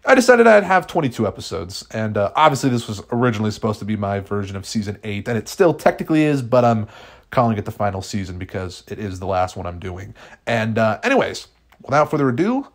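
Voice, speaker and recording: A man's voice: lowish voice, animated, fast talker. Chatty male YouTuber. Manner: chatty, friendly sign-off. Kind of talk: casual vlog, reading fan fiction.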